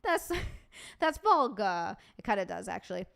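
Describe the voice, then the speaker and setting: A woman hosting a casual livestream, chatting with viewers and reacting to their comments in an animated, swearing, joking way. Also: medium pitch, a little slow, creaky. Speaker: streamer host.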